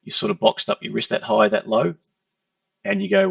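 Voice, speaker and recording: Explaining trading charts conversationally, this male educator keeps dropping in "okay" to check in. He sounds high and sing-song, fairly quick and fairly bright, with vocal fry, and there's no room sound, though the audio is dull, lo-fi, and picked up from a distance.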